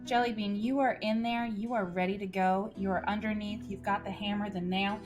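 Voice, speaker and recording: A woman narrating a tabletop game as game master, describing the action in a lively way. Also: medium pitch, fairly quick, over music.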